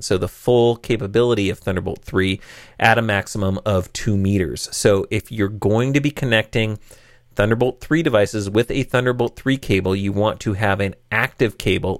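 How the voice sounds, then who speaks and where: Wry, chatty tech host, lowish voice. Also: male voice, dry recording, studio quality. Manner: conversational, wry and sarcastic asides, frequent fillers. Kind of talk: explanatory tech talk.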